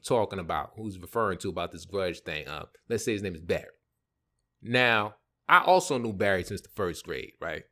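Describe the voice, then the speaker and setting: A man's voice: mid-range voice, a bit bright. Slangy guy on his podcast telling old neighborhood stories, cusses a lot, voice jumps all over. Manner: slangy, profane, laughs at his own stories. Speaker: podcast host. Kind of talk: casual storytelling monologue.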